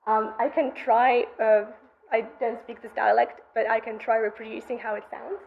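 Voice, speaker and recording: A woman's voice: fairly high pitch, flat delivery, normal speed, vocal fry. A young woman, a graduate student, presenting her research in a methodical academic conference lecture, heard through a dull, muffled recording. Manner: methodical, explanatory delivery.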